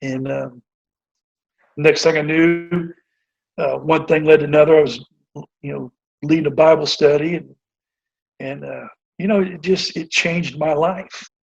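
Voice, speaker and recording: A man's voice: fairly high pitch, fairly even intonation, measured pace, gravelly, pauses often. A middle-aged man, a basketball coach, telling stories in a casual interview, earnest and rambling with lots of fillers and restarts. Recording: dull lo-fi audio.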